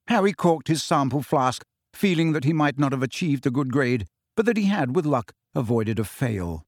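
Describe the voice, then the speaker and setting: A man reading audiobook narration in a measured, even storytelling manner, close to the mic. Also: a little high, no echo. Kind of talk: scripted narration.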